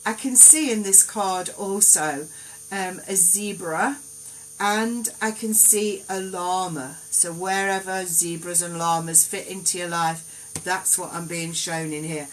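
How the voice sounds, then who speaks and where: A woman giving gentle, reassuring card readings on a live stream, in an unhurried, meandering way. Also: on the low side, a little hiss or hum, poor audio. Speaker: psychic card reader.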